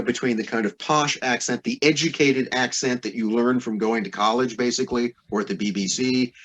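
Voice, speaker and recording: Male podcast guest, husky tone, discursive lecturer, middle pitch. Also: a bit bright, muffled recording. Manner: discursive, lecturing with many asides. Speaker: guest historian. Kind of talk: podcast interview explanation.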